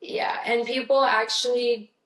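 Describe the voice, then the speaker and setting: A woman's voice: on the high side, little pitch movement, unhurried, a bit bright. A young woman from Georgia with a Southern accent, telling stories in an upbeat, chatty interview with lots of fillers. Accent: Southern American. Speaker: guest musician. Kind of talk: casual interview chat. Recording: roomy, slightly distant mic.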